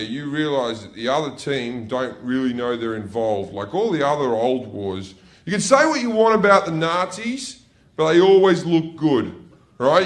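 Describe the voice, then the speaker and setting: A middle-aged man performing a stand-up comedy routine on a comedy club stage, brash and profane, with sudden shouted outbursts. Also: medium pitch.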